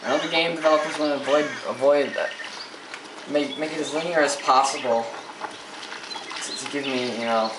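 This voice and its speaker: Male gamer commentator, mid-pitched, cursing a lot; distant, echoey mic with loud game noise behind. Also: fairly even intonation, normal speed, pauses often. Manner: profane, frustrated ranting. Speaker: gameplay commentator. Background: game audio with ambience.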